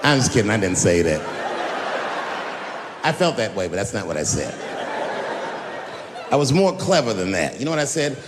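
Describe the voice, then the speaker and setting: A man's voice: on the low side, sing-song, moderate pace, long pauses, over a noisy crowd, heavy background noise. A man doing stand-up comedy, telling stories in a loose, conversational way and acting out other people's voices. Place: theater stage. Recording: live show in a large hall, faint ambience.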